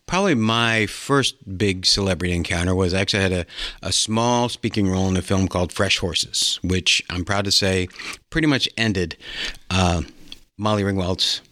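Animated, bright-voiced older man telling stories. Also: low voice, no room sound, studio quality. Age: 60s. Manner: animated storyteller, quick asides and self-mockery. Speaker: podcast co-host and part-time actor. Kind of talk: casual chat.

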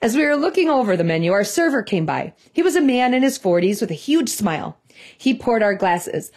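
Woman, Midwestern accent, devotional storytelling, earnest and chatty, slightly high voice. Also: big pitch swings, a little fast, darkish tone. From Minnesota, US. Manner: conversational, earnest, reflective. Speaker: devotional host.

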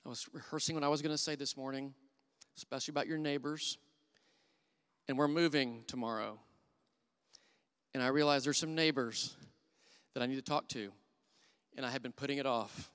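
A man's voice: medium pitch, fairly even intonation, moderate pace, long pauses, fairly bright tone, clear, resonant tone. Man preaching in a reverberant hall. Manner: candid, self-deprecating storytelling. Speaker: church elder preaching. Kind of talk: sermon.

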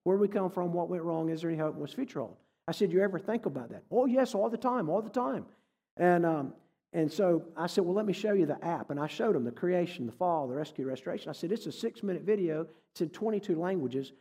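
Male guest preacher, folksy storyteller, mellow, slightly high voice, long church reverb. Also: expressive, fast talker, husky. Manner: folksy, conversational, jokes with the audience. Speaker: guest speaker. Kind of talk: sermon with storytelling. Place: church hall.

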